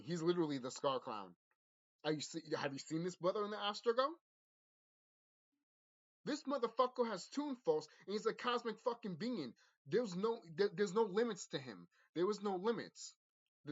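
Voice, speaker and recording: A high, fairly bright male voice belongs to a vlogger delivering a fierce, profane spiritual rant straight to his audience. He often repeats and restarts himself while his voice swings up and down, recorded in muffled, dull lo-fi audio.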